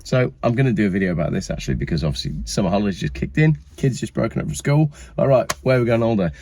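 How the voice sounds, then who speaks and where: A man's voice: on the low side, lively intonation, rapid-fire, a little mellow, slight background noise. A man hosting a casual chat, talking in an enthusiastic, upbeat way. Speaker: host.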